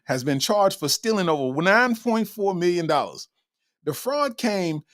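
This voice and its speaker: Animated, exclaiming comedian man. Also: a little high. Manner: loud, exclaiming, laughing, repeating punchlines. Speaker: podcast host. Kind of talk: comedic commentary.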